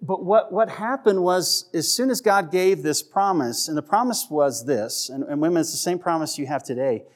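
Male pastor, slightly higher voice, chatty sermon delivery with playful asides. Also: animated, moderate pace, few pauses. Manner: conversational, checks in with the audience, acts out voices for humor.

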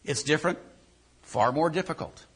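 A man's voice: fairly high pitch, moderate pace, breathy edge. An older male pastor giving a conversational sermon, often repeating words as he thinks.

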